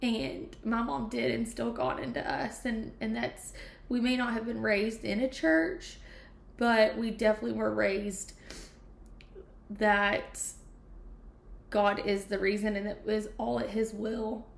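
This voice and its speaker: A woman's voice: fairly high pitch, unhurried, vocal fry. A woman hosting a podcast, speaking candidly and from the heart about grieving her mother. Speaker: podcast host. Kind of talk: emotional podcast conversation. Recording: echoey room.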